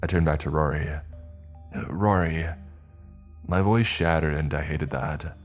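Man narrating creepy story, super deep voice, slow and ominous, faint music behind. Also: fairly even intonation. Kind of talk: scripted horror narration.

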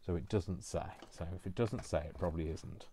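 A man's voice: sits low, fairly quick, mellow, a little hiss or hum. A man talking casually while he crafts, rambling and teasing himself along the way. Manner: rambling, self-mocking asides. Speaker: craft vlogger.

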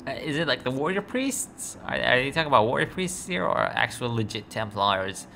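A sleepy let's play gamer yawns through casual, rambling commentary on a strategy game, stumbling over words and talking at the screen. His mid-range voice is creaky at a moderate pace, with steady background noise.

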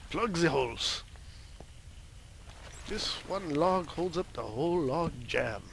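A man talking through his gameplay in an unhurried, goofy way, full of rambling jokes. His pitch is fairly high and swoops around a lot. A loud noisy bed of game audio runs underneath. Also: lively intonation, creaky. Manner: goofy, rambling, jokey asides. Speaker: gaming video host. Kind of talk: casual gameplay commentary.

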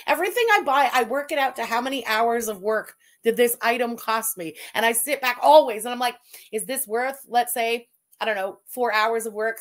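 A young adult woman streamer chatting casually with her viewers. She talks bluntly, swears freely and sounds animated, with her voice sitting a bit high. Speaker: streamer host. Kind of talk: casual livestream chat.

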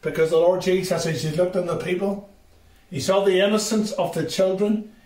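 A man's voice: high-pitched, fairly even intonation, normal speed, a little mellow. A man who is a children's ministry speaker, giving an assembly talk and telling a story straight to the children. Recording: roomy sound from a distant mic.

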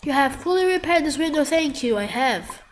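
High, sick-sounding excitable gamer woman. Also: moderate pace. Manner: excitable, yelps and trash talk at the screen. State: sick, coughing. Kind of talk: live gameplay commentary.

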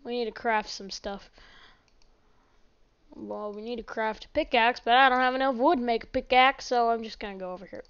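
A woman's voice: fairly high pitch, brisk, fairly bright tone, clear, resonant tone. A woman giving rambling, chatty let's play commentary as a gaming host, often apologizing. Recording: dull lo-fi mic.

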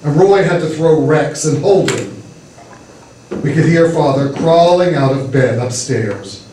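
A man reading a humorous story aloud with expressive storytelling delivery, performing at a church variety show. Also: on the high side, unhurried, slight background noise. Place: church hall with audience. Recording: echoey hall from far off.

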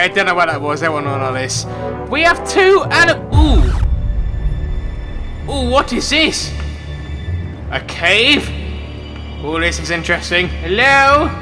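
High, lively gamer shouting commentary. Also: male voice. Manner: excitable, yelps and shouts at surprises. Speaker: gaming commentator. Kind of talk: let's-play commentary.

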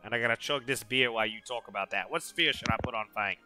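A man's voice: medium pitch, quick pace, pushed and bright, faint music behind. A man hosting a casual gaming stream, laughing often and teasing his co-hosts. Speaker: podcast host.

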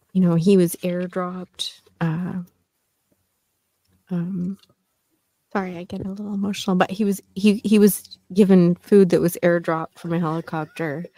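Rambling, storytelling woman with a dark voice. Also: on the low side, dry recording. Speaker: podcast co-host. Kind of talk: casual chat.

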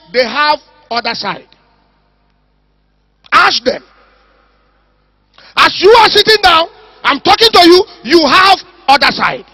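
High-pitched, shouting preacher man. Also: no echo. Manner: shouting, emphatic, drawn-out repetitions. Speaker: pastor. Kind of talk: fiery preaching sermon. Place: church service.

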